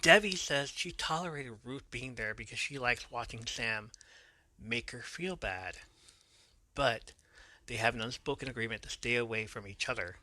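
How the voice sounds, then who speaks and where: A man's voice: mid-range voice, moderate pace, pushed and bright, no echo. A man hosting a podcast, casually recapping an episode in a loose manner, swearing now and then and correcting his own slips. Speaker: podcast host.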